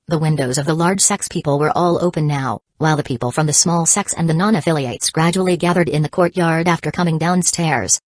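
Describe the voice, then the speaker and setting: Brief: female audiobook narrator, deep for a woman, steady delivery, dry booth sound. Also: no room sound. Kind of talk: scripted narration.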